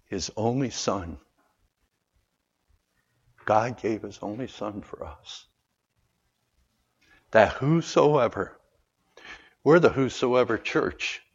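Husky-voiced preacher swinging loud to soft. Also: male voice, lowish voice, lively intonation, takes it slowly, long pauses. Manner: swings from loud calls to quiet, earnest asides; calls for amens from the congregation. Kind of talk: sermon. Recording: dull lo-fi sound.

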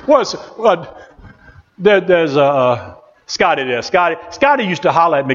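A male pastor preaching a sermon in an excitable call-and-response manner, in a church. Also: fairly high pitch, a little slow, long pauses, dull audio.

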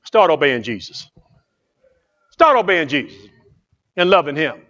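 A man preaching a fervent sermon as pastor, swinging from hushed asides to loud exclamations. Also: on the high side, big pitch swings, unhurried, muffled recording.

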